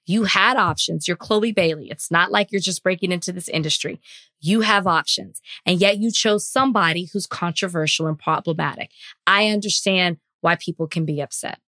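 A woman co-hosting a podcast, giving her opinions in a measured, deliberate way. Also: lowish voice, bright, forceful tone, dry recording, studio quality. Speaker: podcast co-host. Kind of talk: casual podcast discussion.

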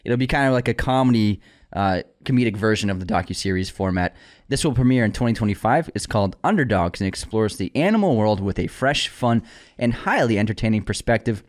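A man's voice: on the low side, expressive. A man co-hosting a movie news show, chatty and opinionated, joking with his co-host. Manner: chatty, opinionated, quick to joke. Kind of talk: casual chat.

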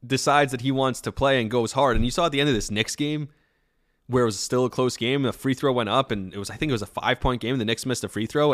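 A male podcast host with a lowish voice, ranking players with strong, animated opinions. His talk is casual and loose. The sound is dry and close, with no room. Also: dry recording. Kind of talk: casual sports commentary.

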